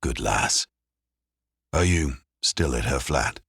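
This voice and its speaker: A gruff, guarded detective who keeps his answers short, as a male narrator drops into a deeper register for him. The voice is very low and understated. The recording is close and dry. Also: lively intonation, takes it slowly, fairly bright tone, dry recording, heavily acted. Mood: easygoing. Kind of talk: audiobook character voice. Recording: dry close studio sound.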